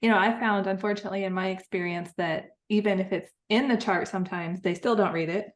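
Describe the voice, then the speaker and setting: A woman's voice: mid-range voice, fast. A woman hosting a podcast interview, talking in a conversational, empathetic way and sharing her own experience. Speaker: podcast host.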